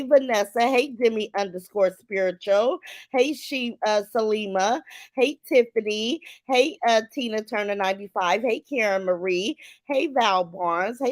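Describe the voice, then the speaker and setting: A middle-aged woman hosting a casual livestream, greeting viewers by name and speaking in an animated, emphatic way. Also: medium pitch, no room sound. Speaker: livestream host.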